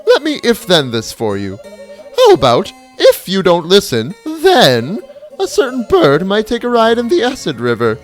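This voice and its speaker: A player voicing a pompous computer queen from a game, in a booming, theatrical, strained high voice. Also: huge pitch swings, moderate pace, faint music behind. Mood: imperious.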